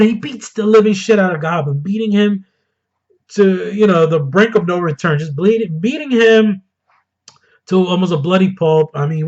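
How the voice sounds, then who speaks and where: A man giving a casual, excited film review, gushing and bursting into loud enthusiasm now and then. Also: sits high, lo-fi sound. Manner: excited, gushing, quick swings into loud outbursts. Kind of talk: casual spoiler review monologue.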